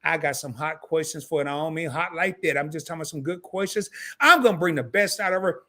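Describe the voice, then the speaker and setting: A man hosting a live stream, wrapping up the show with loose, slangy banter and quick asides to his viewers. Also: on the high side, bright, forceful tone. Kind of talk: casual live stream sign-off.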